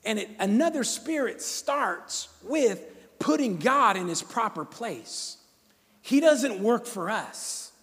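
High, animated male preacher in a church hall. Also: slow pace. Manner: animated, exhorting, joking with the congregation. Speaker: pastor. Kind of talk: sermon. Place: church sanctuary. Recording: long church hall reverb.

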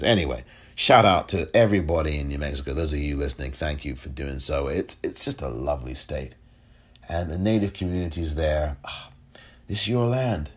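A man hosting a solo commentary podcast, emotional and halting, often repeating himself. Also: rumbling low, breathy edge. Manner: emotional, halting, repeats himself, audibly moved to near tears. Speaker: podcast host.

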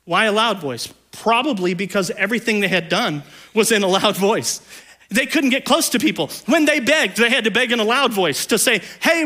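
A man preaching a sermon as pastor, dropping to hushed low lines and rising to loud raised ones, with playful conversational asides.

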